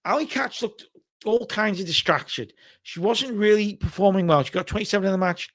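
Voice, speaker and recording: Man, higher voice, casual chatty game narration, wrestling sim recap. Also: brisk, a bit bright. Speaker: game commentator.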